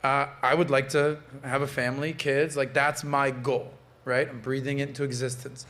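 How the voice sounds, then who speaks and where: A man in his late thirties hosting a podcast, telling stories in a loose, animated way with swearing. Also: mid-range voice, moderate pace. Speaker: podcast host. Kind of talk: casual panel chat.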